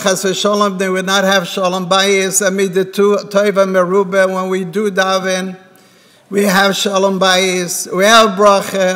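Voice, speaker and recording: With a high-pitched, bright, forceful voice, a man preaches a sermon in a synagogue hall with a reverberant sound. As rabbi, he narrates a parable and acts out what its characters say.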